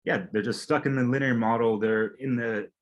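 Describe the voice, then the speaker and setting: A man's voice: mid-range voice, fairly even intonation, normal speed, muffled recording. A man interviewing an old friend in casual chat, hesitant, with many fillers and trailing thoughts.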